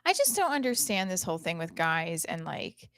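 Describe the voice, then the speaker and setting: A woman's voice: fairly low pitch, very animated, normal speed, a bit bright, no room sound, clean studio sound. Profane, rambling woman comic. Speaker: podcast host and comedian. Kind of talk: casual comedic monologue.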